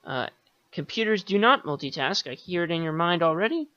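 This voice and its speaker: Male podcast host, bright tone, dull lo-fi sound, rambling sarcastic monologue. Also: on the high side, expressive, a little fast, no room sound. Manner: meandering, sarcastic, swears casually, many fillers.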